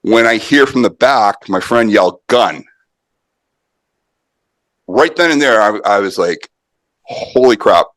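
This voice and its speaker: Middle-aged male guest, low-ish voice, dry close mic, animated storyteller with fillers. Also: moderate pace, few pauses, no echo. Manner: animated anecdote-telling with many fillers and restarts. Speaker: podcast guest, martial arts author. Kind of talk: conversational storytelling.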